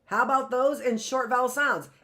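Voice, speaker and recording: A middle-aged woman teaching an early reading lesson, chatty and direct, sounding out words slowly. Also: high-pitched, steady tone, pushed and bright. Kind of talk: online classroom lesson.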